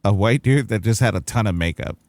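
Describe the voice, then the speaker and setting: A man's voice: lowish voice, a little fast, darkish tone, no echo, studio quality. A young man with a Californian accent, co-hosting a casual movie review podcast, rambling, laughing and swearing now and then. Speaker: podcast co-host.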